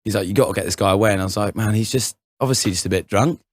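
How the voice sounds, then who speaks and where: A man's voice: on the low side, rapid-fire, dry recording, clean studio sound. A young man on a podcast, telling a rambling anecdote full of fillers and laughs. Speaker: podcast co-host. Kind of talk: casual chat, storytelling.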